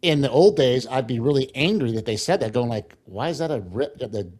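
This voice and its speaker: A man's voice: mid-range voice, animated, a little fast, darkish tone. An older man co-hosts a laid-back interview podcast. He speaks in a chatty, affirming way, chiming in often and drifting into personal anecdotes. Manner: chatty, interjecting with short agreements. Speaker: podcast co-host. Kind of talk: casual conversational interview.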